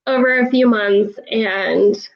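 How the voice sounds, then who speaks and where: A woman's voice: medium pitch, slow, lo-fi sound. A woman who is an animal communicator, telling stories in a casual interview and laughing often.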